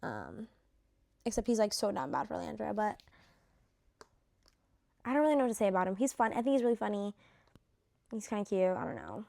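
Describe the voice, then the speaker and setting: A woman's voice: mid-range voice, very animated, a little fast, gravelly, pauses often, dark tone. A young woman vlogging in casual chat, gushing and chatty, leaning on "like" and dropping swear words, her voice a little worn. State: losing her voice. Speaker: vlogger ranking reality show cast.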